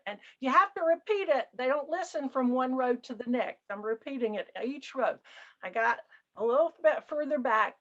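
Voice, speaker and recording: High-voiced older woman telling jokey stories. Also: normal speed. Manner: animated, jokey, acts out passengers. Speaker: author presenting her book. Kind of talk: lively anecdotal storytelling. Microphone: video call. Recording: dull lo-fi video call audio.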